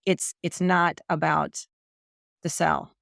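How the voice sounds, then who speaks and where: A woman hosting an interview, reacting enthusiastically and talking in halting restarts as she thinks aloud. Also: low voice, flat delivery, gravelly, fairly bright tone, dry recording, studio quality. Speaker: host. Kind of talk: casual interview chat.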